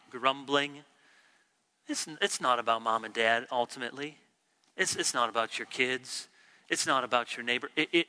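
A middle-aged man preaching a sermon, acting out the complaints he quotes with lively swings in pitch and volume. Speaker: pastor.

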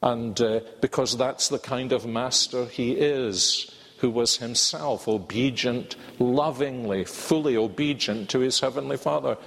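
An older man with a Scottish accent preaching a sermon in a measured, earnest way, drawing out key words. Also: mid-range voice, gravelly, a bit bright. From Scotland. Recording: reverberant hall.

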